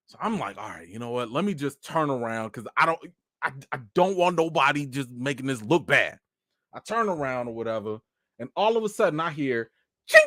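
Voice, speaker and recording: A man hosting a casual live-stream chat, telling an animated story with acted-out reactions and greeting viewers by name. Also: high voice, measured pace, no echo, studio quality.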